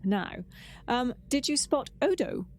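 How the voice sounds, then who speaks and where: A woman's voice: high voice, sing-song, unhurried, darkish tone, slight background noise. A woman co-hosting a casual podcast, chatting with enthusiasm and a lot of "um" restarts. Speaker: podcast co-host. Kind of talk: casual chat.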